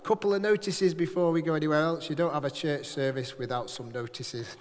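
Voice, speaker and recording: A man's voice: fairly high pitch, fairly even intonation, a little fast, a little hiss or hum. A man leading a church service, giving notices in a chatty, joking, rambling way to a live congregation. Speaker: church leader. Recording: echoey hall.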